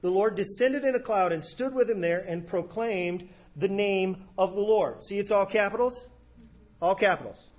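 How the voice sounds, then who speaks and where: A man's voice: high-pitched, normal speed. A man preaching a sermon as pastor, telling the story in a conversational way and briefly acting out the people he quotes. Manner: conversational storytelling, acts out quoted characters casually.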